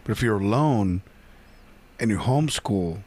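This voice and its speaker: Lively swearing male podcast co-host. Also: fairly low pitch, measured pace. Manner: animated, swearing, laughing storyteller. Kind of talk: casual chat.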